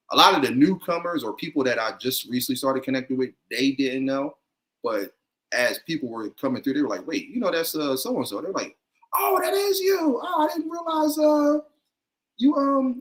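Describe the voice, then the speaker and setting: Bright-voiced laid-back man chatting. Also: medium pitch. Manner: laid-back, chuckling, storytelling. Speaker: guest content creator. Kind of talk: casual chat on a livestream.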